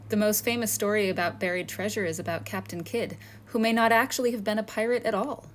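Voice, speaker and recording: A woman's voice: mid-range voice, quick pace, a little hiss or hum. Woman teaching kids a friendly history lesson. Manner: friendly, asks the listener questions. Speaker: museum educator. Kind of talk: children's lesson narration.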